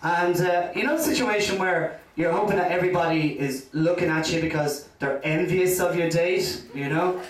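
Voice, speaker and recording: A man's voice: sits high, fairly even intonation, normal speed, hardly any pauses. A man with an Irish accent doing a rambling stand-up routine full of "you know" asides. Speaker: stand-up comedian. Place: comedy club stage. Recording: echoey club from a distant mic.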